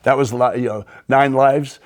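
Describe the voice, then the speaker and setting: A man hosting a podcast, telling animated anecdotes in a casual storytelling style and throwing in sound effects. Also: mid-range voice, normal speed. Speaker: podcast host.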